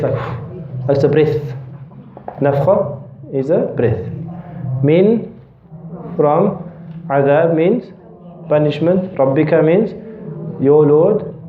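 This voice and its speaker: A man teaching a grammar class. He quizzes the students, answers his own questions and repeats the key terms. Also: on the high side. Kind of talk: classroom lesson. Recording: roomy, dull lo-fi classroom recording.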